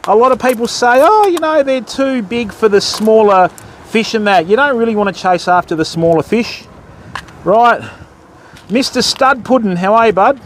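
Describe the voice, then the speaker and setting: A man's voice: very high voice, slight background noise. A man hosting a casual fishing live stream outdoors, chatting to viewers and calling them mate and bud. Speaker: fishing livestream host. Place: outdoors on a stormy beach.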